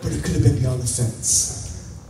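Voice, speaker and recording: A man speaking at a conference, telling a funny personal story to a live audience in an animated, self-mocking way, acting out the scenes. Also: mid-range voice, normal speed, vocal fry, noisy background. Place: large conference hall. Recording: echoey hall, voice picked up from a distance.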